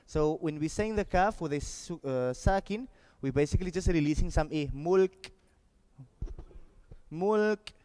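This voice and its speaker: High-voiced man teaching in a reverberant hall. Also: warm tone, clear, resonant tone. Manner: instructive, repeats words slowly and drawn out. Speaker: Quran memorisation teacher. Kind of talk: leading group recitation drills.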